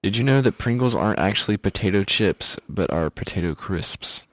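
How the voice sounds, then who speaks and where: Laid-back low-voiced young man host. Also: lively intonation, moderate pace, dry recording. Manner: laid-back, chatty, with fillers. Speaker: podcast host. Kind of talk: casual podcast chat.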